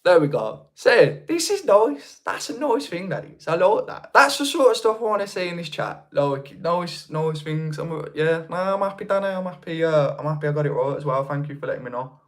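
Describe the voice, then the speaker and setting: With a Brummie accent, a young man from Birmingham, England, hosts a casual livestream in a slightly high, fairly bright voice, brisk and lively in intonation. He reads viewer comments and chats with them in a rambling way, with lots of restarts.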